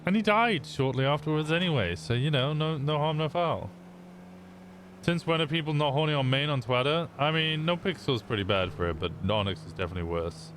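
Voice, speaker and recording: A man's voice: on the high side, animated, fairly quick, a bit bright, a little hiss or hum. Rambling British man explaining slang. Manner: rambling, explains at length, swears casually. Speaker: streamer. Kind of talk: casual chat while streaming a roleplay game.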